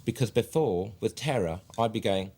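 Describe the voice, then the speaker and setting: An actor playing an earnest, deadpan male publisher who is a clueless amateur actor, talking in halting, literal asides. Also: fairly low pitch. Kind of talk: mock documentary interview.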